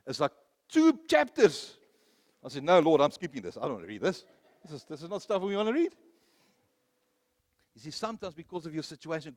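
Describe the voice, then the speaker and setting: A man preaching a sermon, telling personal stories, rising to loud, emphatic peaks and then dropping low. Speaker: pastor.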